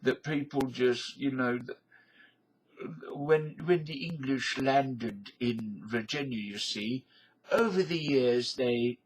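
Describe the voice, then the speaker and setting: A man in his fifties talks to camera in an unhurried, meandering monologue, full of folksy asides and filler words. His voice has a husky grain and an easy, slow pace. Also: mid-range voice, rough recording. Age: 50s. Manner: folksy, digressive, filler-heavy. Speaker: video blogger. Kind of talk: rambling casual monologue.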